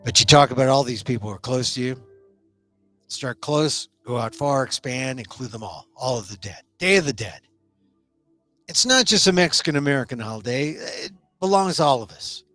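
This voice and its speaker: A middle-aged man hosting his own talk show, delivering an emphatic solo commentary monologue that speeds up and slows down for stress. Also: medium pitch, expressive, sharp tone, dry recording, faint music behind. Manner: emphatic, shifting pace for stress.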